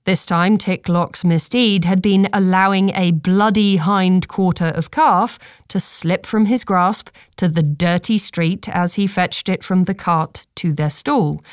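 Female audiobook narrator, slow, lowish, dry close sound. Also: dry recording.

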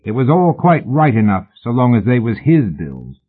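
A man voicing an easygoing working-class bill-sticker boss who talks in a cheerful, folksy, unhurried way, in a storybook reading. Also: medium pitch, big pitch swings, breathy edge. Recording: tinny phone-like audio.

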